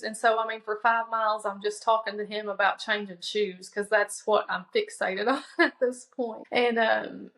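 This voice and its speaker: Woman telling a story in a flat voice. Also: mid-range voice, normal speed, gravelly, low-quality recording. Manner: conversational, many fillers and restarts; quotes herself and others in dialogue. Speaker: podcast guest. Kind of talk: personal storytelling.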